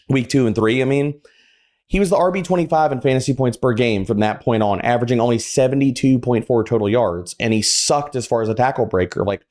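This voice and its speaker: A man talking as a podcast panelist, making forceful points and acting out other people's reactions. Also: mid-range voice. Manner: emphatic, argumentative, acts out quotes. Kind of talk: casual podcast chat.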